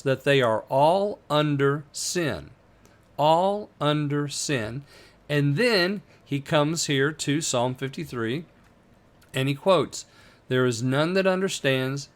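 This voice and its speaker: A man teaching a Bible lesson in a relaxed, conversational way, slowing down to read scripture verses aloud with emphasis. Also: mid-range voice.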